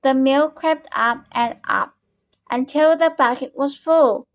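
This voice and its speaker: A woman reads a children's picture book aloud at an unhurried, patient pace, now and then stumbling and starting a phrase again. Her voice sits a little high, and the recording has a dull, lo-fi sound. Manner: slow, patient reading with small slips and restarts. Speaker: storyteller.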